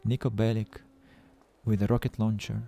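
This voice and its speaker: Halting man streaming a game. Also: fairly low pitch, flat delivery, gravelly, mellow, soft background music. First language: Russian. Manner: halting, stammering restarts, playful self-mocking. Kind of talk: casual game-stream chat.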